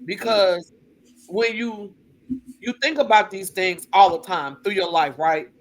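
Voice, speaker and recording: A woman co-hosting a casual talk show, telling personal stories in a blunt, profane, lively way and acting out other people's voices. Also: mid-range voice, measured pace. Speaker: co-host. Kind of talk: casual chat, personal storytelling.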